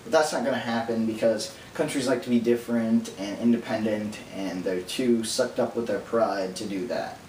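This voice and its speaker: A man vlogging alone in a casual, rambling monologue, talking fast and drifting into nerdy tangents. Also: on the low side, darkish tone. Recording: roomy echo from distance, faint hum.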